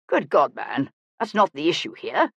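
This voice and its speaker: A man's voice: a little high, wildly swooping pitch, moderate pace, vocal fry, a bit bright, dry recording, muffled recording, heavily acted. A narrator voicing Brownbeck, a stout, self-important older male banker who blusters and moralizes, in an audiobook. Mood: indignant. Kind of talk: audiobook character voice.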